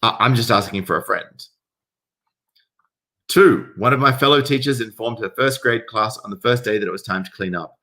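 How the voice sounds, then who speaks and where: A man reading viewer stories aloud and reacting with casual, profane rants that swing between calm reading and loud outbursts. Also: mid-range voice, normal speed. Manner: swearing, rants loudly in bursts. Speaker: commentary host reading stories.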